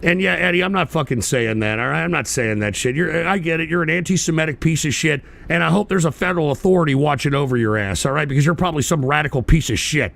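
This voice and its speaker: A man hosting his own livestream radio show, ranting angrily with lots of swearing and sudden shouted bursts while answering chat. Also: a little high, quick pace, vocal fry, few pauses. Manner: profane, combative, shouting bursts. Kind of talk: angry ranting commentary, reading chat.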